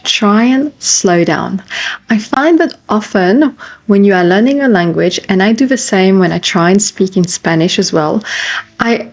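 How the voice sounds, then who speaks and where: A woman with a French accent talks straight to the camera as a language teacher. Her pitch sits in a middle range. She is chatty and encouraging, slows down and repeats her main points. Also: darkish tone. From France. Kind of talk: casual video lesson.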